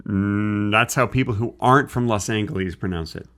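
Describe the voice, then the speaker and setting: A man co-hosting a podcast in casual comedic chat, playful and deadpan, talking into a studio microphone indoors. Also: on the low side, normal speed. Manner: playful, deadpan jokes, lively swoops. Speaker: podcast co-host. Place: indoors in Los Angeles.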